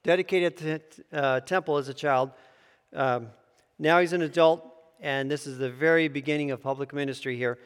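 A man's voice: a little high, fairly even intonation, normal speed, smooth, in a large hall. A man teaching a Bible study in a conversational way, with asides and self-corrections.

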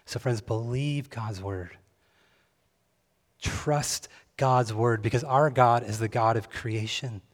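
A man preaching a sermon, expressive, moving between hushed reflection and fervent emphasis. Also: mid-range voice, takes it slowly. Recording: long hall reverb.

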